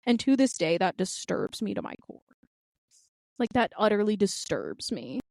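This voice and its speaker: A woman's voice: medium pitch, very animated, normal speed, creaky, darkish tone, no room sound. A woman in her twenties, co-hosting a podcast, telling stories with intense, dramatic passion and acting out quotes. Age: 20s. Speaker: podcast co-host. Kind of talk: casual chat.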